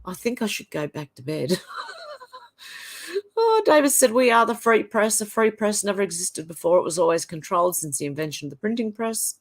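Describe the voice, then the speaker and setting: Fairly quick and lively in intonation, with a medium-pitched voice, an Australian woman hosts a livestream. She reads out viewers' comments one at a time and slips in brief offhand remarks.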